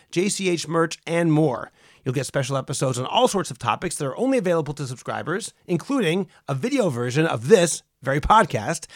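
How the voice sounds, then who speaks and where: A man's voice: mid-range voice, dry recording. Man hosting a podcast, dry close sound. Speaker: podcast host. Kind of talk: scripted podcast intro and interview questions.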